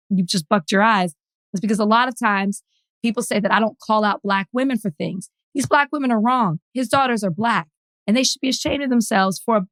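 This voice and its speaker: A woman from the American South cohosts a casual podcast and argues her points firmly and emphatically. Her voice sits at a middle pitch. The recording is close and dry. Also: fairly bright tone, no echo, low-quality recording. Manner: emphatic, opinionated, laughs often. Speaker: podcast co-host. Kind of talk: casual chat.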